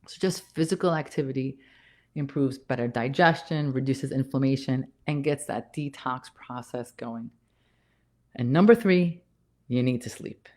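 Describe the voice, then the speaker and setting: A woman's voice: low voice, mellow. A woman nurse practitioner giving a casual health talk, emphatic and repeating key points, a little out of breath. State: slightly out of breath.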